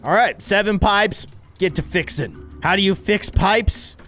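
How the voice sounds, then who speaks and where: A man's voice: high voice, unhurried, a bit bright, soft background music. A young man commenting while playing a video game, joking and easily flustered. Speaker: gaming video host. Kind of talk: let's play commentary.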